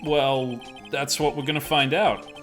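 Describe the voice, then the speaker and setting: A woman's voice: rumbling low, steady tone, unhurried, soft background music. A woman voicing a young male defense lawyer in a live fan dub of a game, hesitant and flustered. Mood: unsure.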